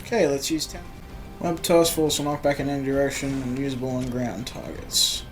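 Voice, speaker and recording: A woman's voice: a bass voice, fairly quick, faint music behind. A woman casually commentating as she plays a video game, chatting and thinking aloud. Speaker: gamer, let's play host.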